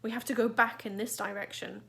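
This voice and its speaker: A woman doing a calm, steady schoolboy. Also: on the high side, brisk, creaky. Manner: calm, matter-of-fact. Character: calm, steady schoolboy who leads his friends.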